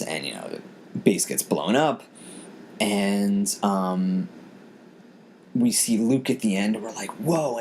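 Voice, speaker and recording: A man whose voice sits on the low side hosts a podcast, and there's slight background noise. His casual storytelling is personal, earnest, and emotional, and he tends to repeat his words.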